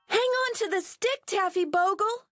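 Two anxious little girls from a picture book, as a woman reader voices them cry out in piping, pleading tones. Their voices leap high and swoop widely, close and dry. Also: sing-song, unhurried, slightly rough, no echo, soft background music, full character voice. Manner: high, pleading, urgent cries.

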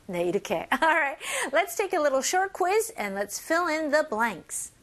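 A young woman teaching English phrases and switching between two languages, modeling each phrase slowly and clearly in a cheerful way. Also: on the high side, expressive, a bit bright. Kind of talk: bilingual English lesson.

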